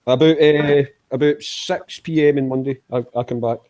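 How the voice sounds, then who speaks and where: A man's voice: medium pitch, steady tone, normal speed, a little mellow, slight background noise, low-quality recording. A man bantering and swearing in a casual group video chat, often stumbling and restarting his sentences. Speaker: chat participant.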